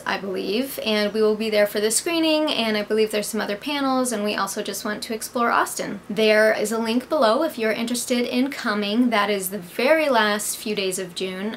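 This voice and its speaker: A woman's voice: fairly high pitch, a little hiss or hum. A young American woman, an actress, hosting her own vlog and chatting casually as she answers viewers' questions, upbeat and full of "like". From United States. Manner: chatty and upbeat, with frequent "like" and "I believe".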